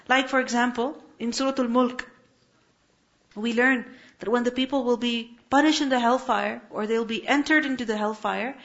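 A woman's voice: a little high, steady tone, normal speed, fairly bright tone, muffled recording. Woman teaching Quran with rhetorical questions. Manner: explains Arabic words step by step with rhetorical questions. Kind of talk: religious lesson on Quranic verses.

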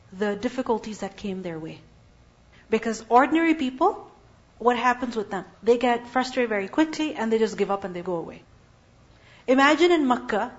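Questioning woman teacher on a dull recording. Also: on the high side. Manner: asks the audience questions and answers them herself. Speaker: religious teacher. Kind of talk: Islamic lecture.

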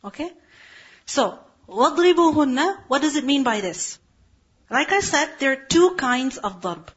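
A woman's voice: sits high, animated, a little fast. A woman teaching a religious lesson, explaining step by step and asking rhetorical questions. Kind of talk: explanatory lecture. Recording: dull lo-fi recording.

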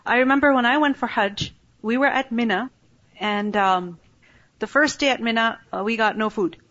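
Woman teacher explaining scripture through personal stories; slightly raised pitch, muffled lo-fi recording. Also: normal speed, fairly bright tone. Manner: storytelling with rhetorical questions; recites verses in Arabic. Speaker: religious teacher. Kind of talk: Quranic lecture. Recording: dull lo-fi recording.

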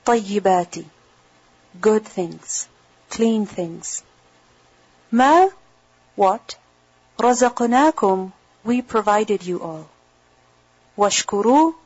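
A woman teaching a lesson, reading scripture one word at a time and giving the English meaning after each word in a slow, measured way. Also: medium pitch, darkish tone, breathy edge, dull audio.

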